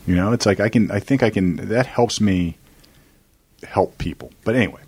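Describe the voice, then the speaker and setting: Man in his forties, lawyer host, husky low voice, dry close sound, rambling storyteller. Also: moderate pace, darkish tone, no room sound. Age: 40s. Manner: rambling, storytelling with quoted asides and laughs. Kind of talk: casual chat.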